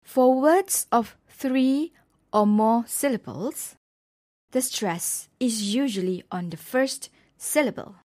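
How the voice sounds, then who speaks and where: Very slow, deliberate woman teacher. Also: a little high, darkish tone, dry recording, clean studio sound. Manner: slow, deliberate, pausing between example words. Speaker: English pronunciation teacher. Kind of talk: scripted lecture narration.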